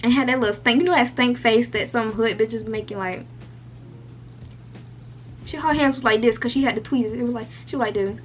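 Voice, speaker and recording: Young woman beauty vlogger, casual storytime, higher-pitched, talky and frank. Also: brisk, long pauses, muffled recording, slight background noise. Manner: chatty, lots of "like" fillers, candid and profane.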